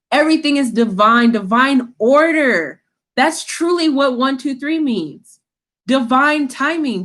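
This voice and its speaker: A woman with a slightly high voice reads tarot straight to camera. She is blunt and scolding, drops slang and swears freely. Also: fairly bright tone. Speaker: tarot reader. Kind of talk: casual tarot reading to camera.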